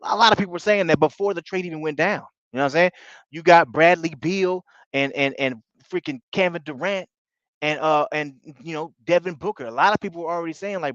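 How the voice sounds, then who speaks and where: Excitable man chatting on a livestream. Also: fairly high pitch, a little fast, no room sound, lo-fi sound. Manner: animated, excitable, keeps repeating "you know what I'm saying". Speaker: basketball fan livestream host. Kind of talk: casual livestream chat with viewers.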